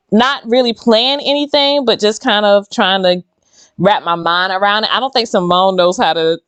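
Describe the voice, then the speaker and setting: A woman's voice: lowish voice, no room sound. A woman, hosting a casual, rambling chat while she does her own nails. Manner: chatty, rambling and animated. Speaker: host.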